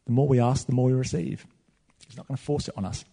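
A man preaching a sermon in a church hall, animated and swinging between loud and soft. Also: mid-range voice, fast, gravelly. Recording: long reverb of a large hall.

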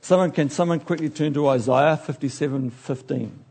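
A man preaching a sermon in an animated way, acting out the figures he talks about and now and then losing his place. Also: a little high, moderate pace, gravelly, husky. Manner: animated, acts out biblical figures, loses his place and laughs.

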